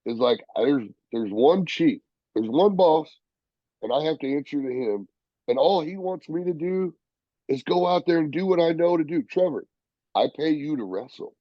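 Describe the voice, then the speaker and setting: A man, a professional wrestler, telling stories in a casual interview, profane and animated, acting out the people he quotes. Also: on the high side, normal speed, no room sound, dull audio.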